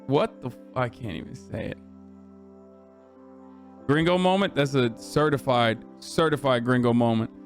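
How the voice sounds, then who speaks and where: A male streamer doing casual commentary, joking, swearing and animated. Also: medium pitch, normal speed, long pauses, faint music behind.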